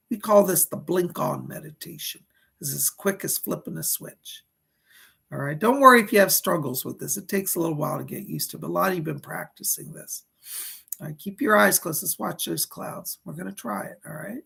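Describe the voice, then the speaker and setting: A man's voice: high voice, fairly quick, vocal fry, breathy edge. A man hosting a livestream as a psychic medium, guiding a meditation and then chatting through readings. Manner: soothing instructive guidance, then chatty and excited. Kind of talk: live-streamed guided meditation and psychic readings.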